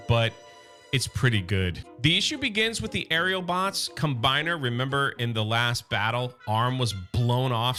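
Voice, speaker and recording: Chatty man recapping comics, bright voice. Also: a little high. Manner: chatty, slangy, animated storytelling. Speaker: comic book recap YouTuber. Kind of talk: casual comic book recap.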